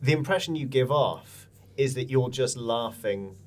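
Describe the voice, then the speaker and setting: A man running an improvised tabletop game as game master, narrating in a playful, lively way with stumbles. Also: medium pitch, measured pace.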